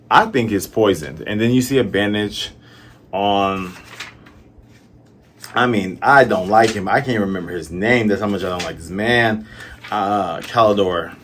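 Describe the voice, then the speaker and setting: A man's voice: fairly low pitch, lively intonation, slow, pauses often, a bit bright, a little hiss or hum. A man from the American South talking through a manga chapter in a chatty, musing way. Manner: chatty, musing, lots of fillers. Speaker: manga reviewer. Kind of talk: casual commentary.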